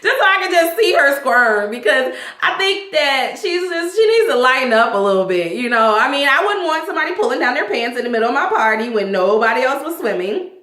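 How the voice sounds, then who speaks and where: A woman giving a casual, profane recap of a reality show to her viewers. She talks in an animated way and acts out what the cast said. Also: high-pitched, fairly quick, echoey room. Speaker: vlogger reviewing a reality show.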